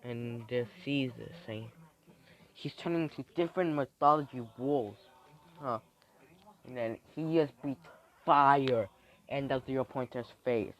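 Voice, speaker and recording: A man's voice: mid-range voice, measured pace, fairly bright tone. A man making up a fan story as he goes, rambling with many restarts and ums. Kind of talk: improvised fan-fiction storytelling. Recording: dull lo-fi recording.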